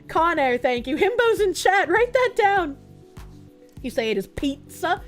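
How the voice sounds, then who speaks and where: A woman streamer with a high, expressive voice chats at a normal speed over soft background music, reading her viewers' comments. She swears freely and keeps breaking into squealing laughter.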